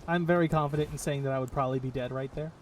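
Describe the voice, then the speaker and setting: A man's voice: medium pitch, steady tone, rapid-fire. A man chatting casually and jokingly, with some swearing, while playing a game. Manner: joking, profane, playful. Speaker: gameplay co-host. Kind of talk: casual gaming chat. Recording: distant mic with clear background noise.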